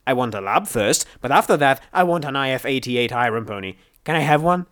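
A man voicing a tough young female pony fighter who talks loud and blunt. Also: mid-range voice, animated, fairly quick, voice pushed up, close to an everyday voice. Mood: greedy excited.

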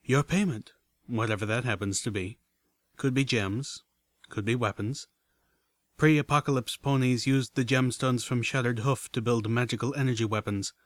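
A man plays a smirking, businesslike male pony in a near-natural voice at middle pitch, matter-of-fact. A storybook reading in a dry, close sound. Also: moderate pace, dry recording, lightly acted. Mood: smug.

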